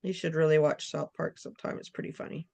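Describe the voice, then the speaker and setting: A woman's voice: sits low, little pitch movement, quick pace, creaky, darkish tone. A woman chatting casually, blunt and teasing, swearing freely. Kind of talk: casual chat.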